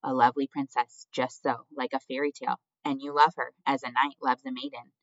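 A reader voicing a gentle male mouse threadmaster, polite and soft-spoken, murmuring in a storybook reading. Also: medium pitch, flat delivery, brisk, no room sound, lightly acted. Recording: dull lo-fi dry recording.

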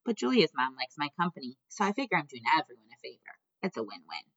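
A woman's voice: low-pitched, sing-song, quick pace, a bit bright, dull audio, full character voice. A woman doing a cocky little male dog. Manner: cocky, wisecracking. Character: small wisecracking male stray dog.

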